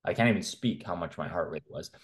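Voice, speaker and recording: Deep-voiced blunt man from Canada. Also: quick pace. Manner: blunt, opinionated, talks in long runs. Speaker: men's health coach, guest. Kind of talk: casual interview talk.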